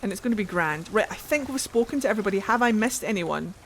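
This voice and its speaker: A woman's voice: medium pitch, lively intonation, quick pace, slight background noise. A woman with a Geordie accent from Newcastle, chatting casually while streaming a game, swearing freely and answering chat. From Newcastle, England.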